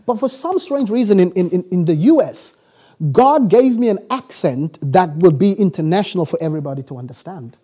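Preacher from South Africa, storytelling sermon, lively swinging pitch, acts out every exchange. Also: male voice. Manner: animated, acts out dialogue with quick laughs.

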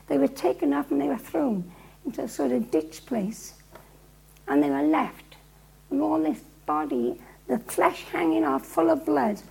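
A woman preacher with a gravelly voice, dramatically retelling a story to a live audience. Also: high voice, warm tone, rough recording.

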